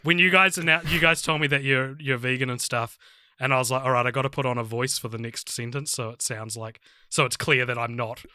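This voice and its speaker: A man's voice: medium pitch, fairly even intonation, a little fast, sharp tone, no room sound. A man hosting a podcast, chatting casually with a joking, ironic manner. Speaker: podcast host.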